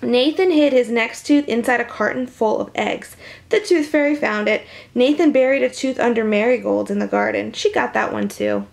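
A woman reads a children's picture book aloud on camera, animated and chatty. She often drops to a whisper. Her fairly high voice has a gravelly edge. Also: normal speed. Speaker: children's story reader.

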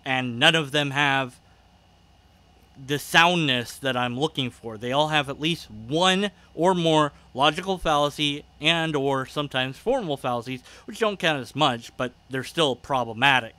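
A man's voice: fairly high pitch, measured pace, bright, forceful tone. A man giving a casual commentary rebuttal, argumentative and sarcastic, laughing at times. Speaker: video creator responding to a critic.

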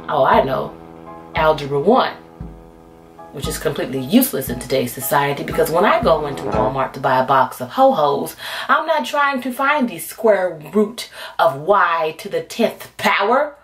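Woman storyteller, sassy comic delivery, lively pitch, music bed behind. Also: moderate pace. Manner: animated, sassy, acts out voices and sings lines. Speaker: vlogger telling a story.

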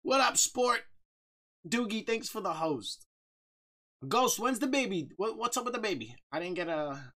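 A man streaming a game live, chatting casually, reading out viewer shout-outs, joking and laughing often. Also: sits high, a little slow. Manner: bursts of loud excited talk.

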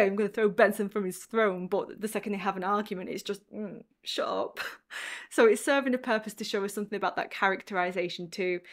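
A woman English teacher explaining writing tips in a casual, chatty video lesson. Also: mid-range voice.

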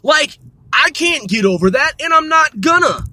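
A man's voice: very high voice, animated, moderate pace, sharp tone, no echo. A man delivering a heated, profanity-laden monologue, repeating himself as he builds up steam. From United States. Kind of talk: ranting monologue.

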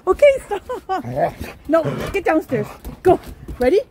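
A woman vlogging at home with her pets, chattering in sing-song baby talk and cheering them on with excited calls. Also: very high voice, slow pace, background noise. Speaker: pet vlogger. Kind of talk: casual home vlog. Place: home with pets, partly outdoors in snow.

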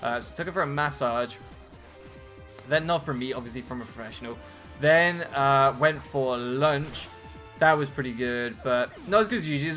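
A British man, a let's play host, chatting casually to viewers in an animated, storytelling way. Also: a little high. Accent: British English.

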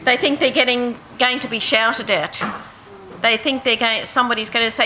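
A woman leads an interactive Bible lesson, reading verses and putting questions to her listeners. Her voice is bright and sits a little high. A faint hum of room ambience runs behind her. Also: steady tone, moderate pace, poor audio. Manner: asks the audience questions, reads verses aloud. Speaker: preacher.

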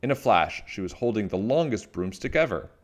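A man reading a children's book aloud, animated and expressive with playful sound effects. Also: lowish voice, fairly quick. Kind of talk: storybook read-aloud.

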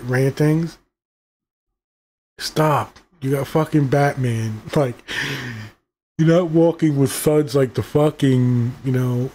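A man's voice: medium pitch, mellow, breathy edge. A middle-aged man giving a casual, rambling movie review, profane and exasperated as he rants.

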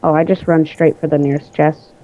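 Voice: mid-range voice, level tone, a little fast, dark tone. A friend chatting casually over a call during gameplay, laid-back, slangy and teasing. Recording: muffled lo-fi call audio.

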